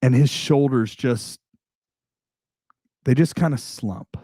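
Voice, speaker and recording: A man's voice: medium pitch, takes it slowly, mellow, husky, no echo, clean studio sound. A man telling a casual, self-mocking story about his sales job in a chatty, repetitive way, recorded indoors. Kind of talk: casual anecdote. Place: indoor room.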